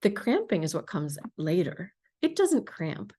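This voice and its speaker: A woman hosting a podcast interview, telling stories in a casual, emphatic and animated way. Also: fairly low pitch, measured pace, husky. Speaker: podcast host.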